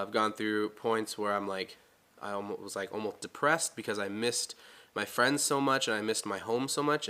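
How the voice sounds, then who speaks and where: Bright, clear-voiced young man vlogging. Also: fairly low pitch. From United States. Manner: relaxed, chatty, laughs often, with restarts. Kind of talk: casual Q&A vlog.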